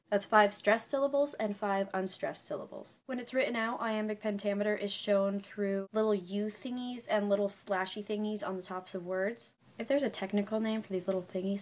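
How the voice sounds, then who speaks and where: A young woman vlogging casually from her bedroom, explaining poetry with playful, self-mocking asides. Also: mid-range voice. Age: young adult. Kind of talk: casual educational vlog.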